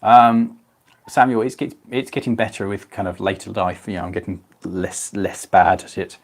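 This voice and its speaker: A man's voice: lowish voice, level tone, moderate pace. A young man, chatting casually on a live stream and answering viewers' comments by name.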